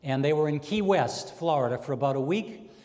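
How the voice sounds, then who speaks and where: A man's voice: fairly high pitch, expressive, a little fast, darkish tone. A man telling stand-up jokes, spinning stories with quoted character voices and chatty asides. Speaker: stand-up comedian. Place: community access TV stage, live audience. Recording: long hall reverb.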